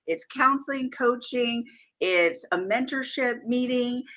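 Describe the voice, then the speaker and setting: A woman's voice: on the high side, slow pace, a bit bright. A woman co-hosting a podcast, speaking emphatically in a coaching way and repeating key phrases. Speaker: podcast co-host. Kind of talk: casual conversational discussion.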